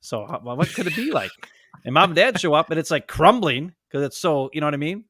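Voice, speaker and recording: A man's voice: a little high, sing-song, fast, fairly bright tone, no echo, studio quality. A man from Wisconsin, co-hosting a casual sports podcast and rambling through stories in which he acts out the people he quotes. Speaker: podcast co-host. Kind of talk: casual chat.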